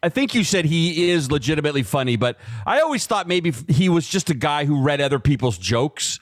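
A man's voice: on the high side, sing-song, brisk, no echo, studio quality. A man co-hosting a sports radio show, chatting in a laid-back way and laughing along. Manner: laid-back, chuckling sidekick. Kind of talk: casual chat.

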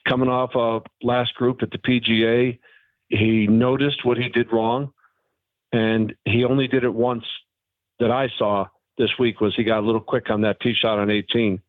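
A former pro golfer, a man, talking haltingly but frankly as a phone-in guest on a radio interview. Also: medium pitch, little pitch movement, no room sound. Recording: tinny phone line.

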